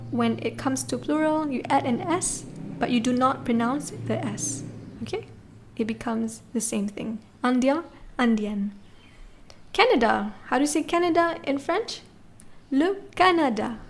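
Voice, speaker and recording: Patient woman teaching French, slightly high voice. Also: a little slow. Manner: patient, spells words letter by letter, checks with "okay?" and "right?". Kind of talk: classroom lesson explaining grammar.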